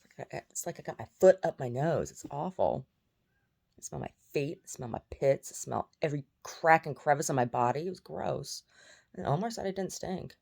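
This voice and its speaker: A woman's voice: low voice, animated, moderate pace, vocal fry, a little mellow. A woman vlogging in a rambling, chatty way, jumping between topics. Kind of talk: casual chat.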